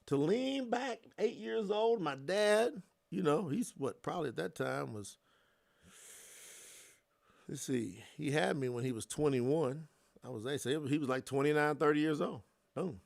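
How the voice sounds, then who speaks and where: A man in his thirties from the US South with a Southern accent, hosting a livestream and chatting with his viewers in an animated way. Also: a little high, normal speed, creaky. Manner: animated, laughing, talks to the chat. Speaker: life coach, livestream host. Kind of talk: casual livestream chat.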